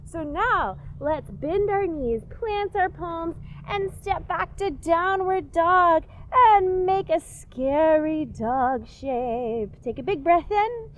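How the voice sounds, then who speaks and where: A woman's voice: very high voice, lively intonation, slow pace, fairly bright tone, muffled recording, slight background noise. A woman leading a kids yoga class, giving playful, encouraging cues and telling a rhyming story.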